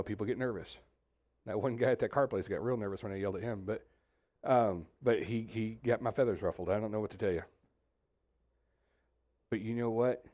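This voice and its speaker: A middle-aged man, preaching a sermon in a church in a lively, conversational way and talking straight to the congregation. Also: on the low side. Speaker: pastor. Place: church sanctuary.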